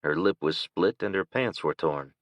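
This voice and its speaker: Deep-voiced male audiobook narrator. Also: no room sound. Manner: steady, measured. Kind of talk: scripted narration. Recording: dull, dry lo-fi recording.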